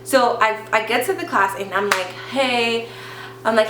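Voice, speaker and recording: A woman's voice: a little high, a little slow, music in the background. A young woman vlogger telling a story in casual chat, acting out other people's voices. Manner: animated, acts out voices of teacher, nurse and mom. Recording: echoey room with faint hum.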